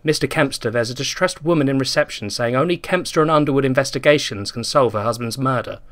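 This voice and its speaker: A man's voice: mid-range voice, quick pace, fairly bright tone, close to an everyday voice. A man voicing a female office secretary announcing a visitor over the intercom, in a plain, businesslike voice.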